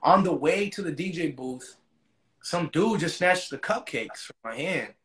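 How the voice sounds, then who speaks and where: A man's voice: on the high side, expressive, a little slow, a bit bright. A man as an interview guest, retelling a story in casual, profane slang.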